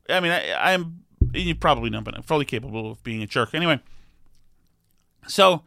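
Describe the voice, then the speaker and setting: A man in his forties telling a comic story about himself, self-deprecating and animated, acting out the dialogue. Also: mid-range voice, fairly quick, creaky, no room sound, clean studio sound. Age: 40s. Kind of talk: comedic storytelling.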